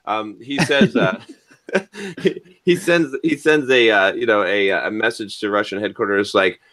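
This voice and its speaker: Against crowd noise, a man with a fairly low voice hosts a podcast, speaking a little slowly. He chats casually, drifting through stories and using lots of fillers.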